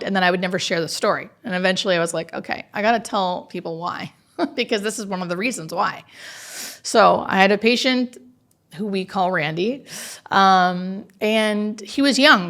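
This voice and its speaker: A hospice nurse shares stories during a conversational interview, her medium-pitched voice animated and earnest and full of filler words.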